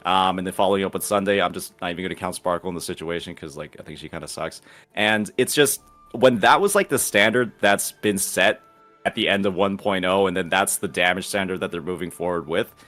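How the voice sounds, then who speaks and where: A man's voice: low-pitched, a bit bright. A man arguing his view as a guest in a casual online debate, rambling and swearing, full of "like". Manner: rambling, swears, heavy use of "like".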